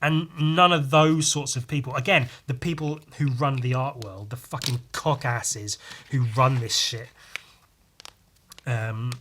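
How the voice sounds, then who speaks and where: A man's voice: mid-range voice, fairly even intonation, a little slow, pushed and bright, slight background noise. A man hosting a podcast, talking in a blunt, sweary, rambling way with many restarts. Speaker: podcast host. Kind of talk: casual opinionated monologue.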